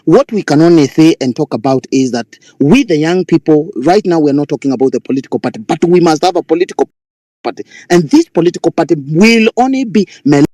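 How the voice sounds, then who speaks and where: A man speaking up in a live online discussion, making a forceful rally-like political speech and arguing back when interrupted. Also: fairly high pitch, animated, fast talker, no room sound. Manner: rally-like, forceful, repeats himself, argues back when cut off. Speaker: caller in a live audio space.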